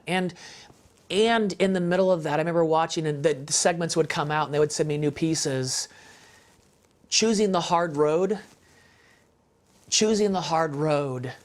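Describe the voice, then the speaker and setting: A man giving a heartfelt, passionate faith testimony as a guest, talking in an emphatic, conversational way and repeating phrases for stress. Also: a little high. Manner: conversational, with fillers and restarts. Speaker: guest speaker on a parenting show.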